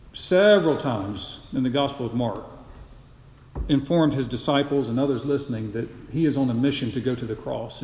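A male pastor preaching an expository sermon with dramatic storytelling, swinging from loud to hushed. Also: medium pitch. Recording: echoey church hall.

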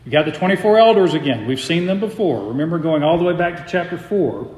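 Pastor, male, slow deliberate emphatic sermon delivery, slightly high voice, roomy sanctuary echo. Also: lively intonation, a little mellow. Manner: measured, emphatic preaching with slowed stressed phrases. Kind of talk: expository sermon.

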